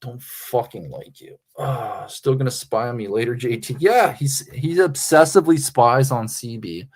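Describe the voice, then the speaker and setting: A man's voice: mid-range voice, animated, normal speed. Profane, taunting male streamer. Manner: repeats phrases for emphasis. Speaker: livestream host. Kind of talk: casual livestream rant.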